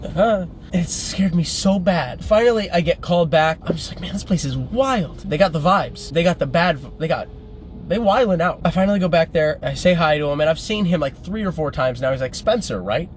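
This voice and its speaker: A chatty man recounts a story in casual vlog style, breaking into laughs as he talks. His voice sits a touch high, recorded in a car with a faint background hum. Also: fairly quick. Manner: chatty, laughs while telling. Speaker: vlogger.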